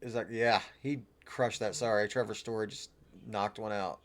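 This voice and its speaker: A man's voice: on the low side, fairly even intonation, normal speed, a bit bright. A man co-hosting a casual sports podcast over drinks, loose and swearing, laughing often. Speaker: podcast co-host.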